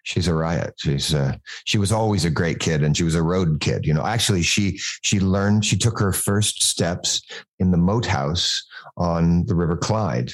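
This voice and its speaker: A man's voice: low voice, moderate pace. A man in his fifties with an American accent, a guest telling rambling, self-deprecating stories in a casual podcast chat. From United States. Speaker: guest singer.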